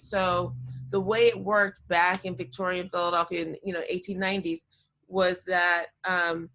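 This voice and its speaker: A woman giving a talk to students over a video call, telling a personal story in an animated, chatty way and often getting sidetracked. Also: mid-range voice. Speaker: guest speaker.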